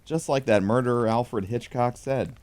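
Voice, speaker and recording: A man reading a pun book aloud in a dry, deadpan comedic tone, chuckling along. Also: medium pitch, moderate pace, clean tone, dry recording. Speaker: comedy host.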